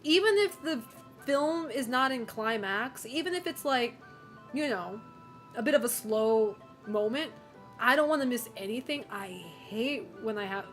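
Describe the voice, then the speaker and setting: A woman's voice: fairly high pitch, animated, normal speed, soft background music. A woman streamer chatting casually with viewers, opinionated, swearing and laughing often.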